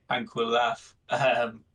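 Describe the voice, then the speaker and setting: A man playing in a tabletop role-playing game, soft-spoken and laid-back, with hesitant pauses. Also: medium pitch. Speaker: player. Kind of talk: casual tabletop role-play. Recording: distant mic with faint noise.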